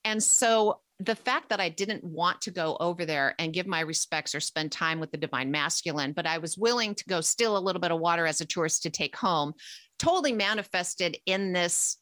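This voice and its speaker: Brief: an animated woman recounting a personal story, lowish and bright, close and dry. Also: normal speed, no echo.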